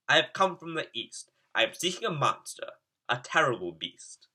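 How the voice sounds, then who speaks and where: A man's voice: a little high, very animated, moderate pace, sharp tone, exaggerated voice. A man voicing a brave, small young knight in a storybook, speaking earnestly and with determination. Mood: polite.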